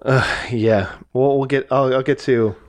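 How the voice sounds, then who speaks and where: A man co-hosting a podcast ambles through a casual film discussion, heavy on fillers and acted-out quotes. He has a medium pitch, fairly even intonation, and an unhurried pace.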